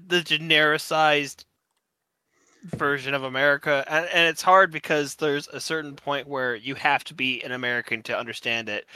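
Young man, very bright and forceful voice, dry close sound, casual blunt podcast chat. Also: mid-range voice, dry recording. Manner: blunt, swears casually, lively tangents. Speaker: podcast co-host.

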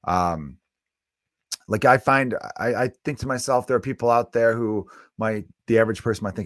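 A man in his thirties, a comedian hosting his own podcast, delivering an animated, self-mocking solo rant. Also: mid-range voice, brisk, no room sound, studio quality.

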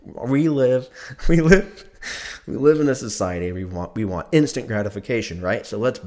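Young man, casual storytelling, rambling and profane, laughs a lot, low-ish voice. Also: expressive, fairly quick, warm tone.

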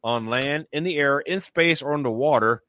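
A man's voice: medium pitch, normal speed, fairly bright tone, no room sound. Emphatic man on a dry, close mic. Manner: emphatic, builds points with repeated "okay". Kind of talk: casual discussion.

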